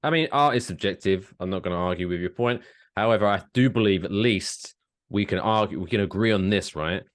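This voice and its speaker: A man from England co-hosting a podcast, talking in casual banter with animated, drawn-out emphasis and frequent self-corrections. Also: low-pitched. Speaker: podcast co-host.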